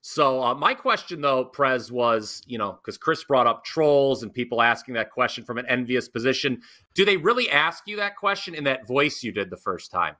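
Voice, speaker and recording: A man's voice: mid-range voice, lively intonation, moderate pace, bright, forceful tone. A man speaking as a co-panelist on a betting show, conversational and amused. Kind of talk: casual panel talk.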